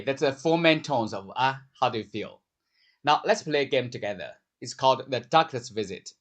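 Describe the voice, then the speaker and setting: A man giving a scripted pronunciation lesson, speaking slowly and clearly and drawing out the vowels he demonstrates. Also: medium pitch. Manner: slow, clear demonstrative speech with drawn-out vowels. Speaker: language teacher.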